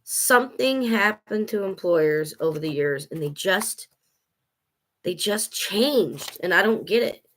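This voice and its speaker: A woman's voice: mid-range voice, expressive, a little slow. A woman venting in a blunt casual monologue about work, swearing freely. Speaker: vlogger.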